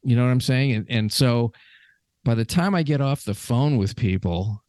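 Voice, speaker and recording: A man's voice: medium pitch, animated, moderate pace, darkish tone, dry recording, clean studio sound. A man hosting a podcast in casual conversation, talking in a chatty, rambling way with frequent restarts. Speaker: podcast host.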